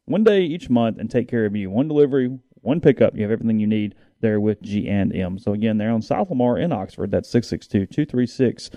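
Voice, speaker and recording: A man's voice: lowish voice, expressive, a little fast, hardly any pauses, mellow, no echo. A man hosting a sports talk podcast, chatting loosely and rambling as he reads sponsors and recaps games. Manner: rambling, chatty, with frequent restarts.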